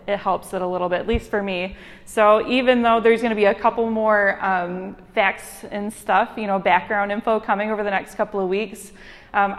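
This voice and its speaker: A young woman with a Michigan accent, a hospital chaplain giving an informal, chatty sermon with frequent ums and a self-deprecating manner. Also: mid-range voice. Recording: long hall reverb.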